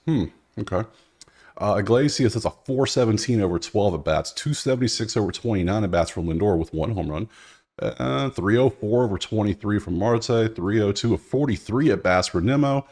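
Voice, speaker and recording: A man hosting a sports betting video, talking casually and thinking out loud as he goes through the numbers, now and then addressing the players directly. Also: lowish voice. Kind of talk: casual solo commentary.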